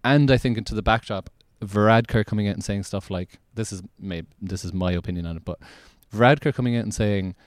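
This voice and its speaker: A man's voice: fairly low pitch, a little fast, few pauses, no echo, studio quality. An Irish man hosting a podcast, talking in a casual, rambling way with many restarts. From Ireland. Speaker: podcast host.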